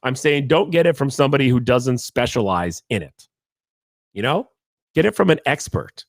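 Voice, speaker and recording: A man's voice: mid-range voice, moderate pace, no room sound, studio quality. A man hosting a podcast, talking casually in a rambling, jokey monologue. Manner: animated, rambling, jokey asides. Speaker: podcast host.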